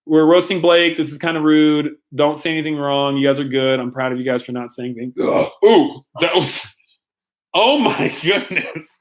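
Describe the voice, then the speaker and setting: A man's voice: a little high, normal speed. A young man, a youth pastor, casually answering viewer questions in a playful, rambling way with frequent laughs and ums. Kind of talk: casual live-stream Q&A.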